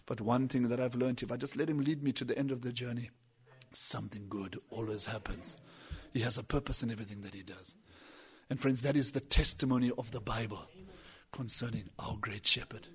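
A man preaching a sermon emphatically, with repeated phrases and swings between loud and hushed delivery. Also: medium pitch, fairly quick, husky.

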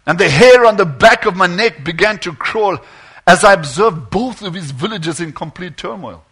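A man preaching and telling a tense story dramatically, dropping to a hush and swelling again. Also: high-pitched, expressive, normal speed, breathy edge.

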